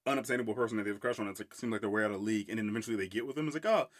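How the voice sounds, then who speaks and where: A man's voice: fairly low pitch, rapid-fire. A man talking through a film in a loose, rambling solo podcast, breaking into laughter again and again. He swears freely and keeps circling back on his own points. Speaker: podcast host. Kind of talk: casual solo film review.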